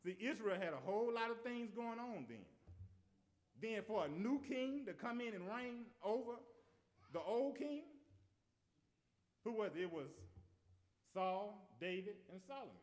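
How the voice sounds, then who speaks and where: High-voiced man preaching a sermon. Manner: earnest, repeats and restarts words.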